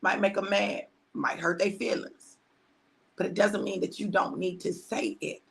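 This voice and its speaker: A woman pastor, preaching conversationally on a livestream, repeating phrases for emphasis and dropping to hushed tones. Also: mid-range voice, steady tone, unhurried, creaky.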